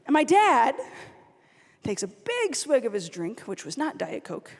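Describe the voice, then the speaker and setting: A young woman from the American South giving an animated storytelling talk at a youth conference, acting out her family members as she goes. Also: sits high, a little slow. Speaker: conference speaker. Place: large conference hall. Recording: long hall reverb.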